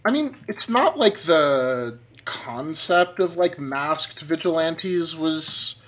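A man co-hosting a podcast in casual chat, animated and rambling, swearing now and then. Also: fairly high pitch, takes it slowly. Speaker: podcast co-host.

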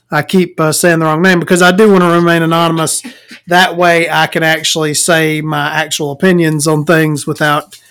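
A man with a somewhat high voice hosts a casual solo podcast. He sounds tired, rambles from one thought to the next, and keeps cracking jokes between his ums and uhs. He talks into a desk microphone in a small dark room at home. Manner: rambling and joking, with many fillers. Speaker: podcast host.

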